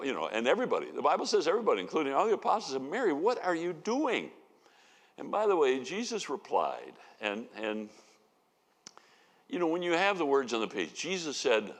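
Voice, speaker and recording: A man's voice: medium pitch, fairly bright tone. A man giving a conversational sermon as a Bible teacher, telling the story with folksy asides. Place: church sanctuary. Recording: long reverb of a church hall.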